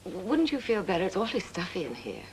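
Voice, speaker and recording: A woman's voice: fairly low pitch, very animated, a little mellow, a little hiss or hum, poor audio. A poised, cool-mannered young woman. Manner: polite, cool and measured. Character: poised young woman seeking help, composed. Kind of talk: 1940s film acting.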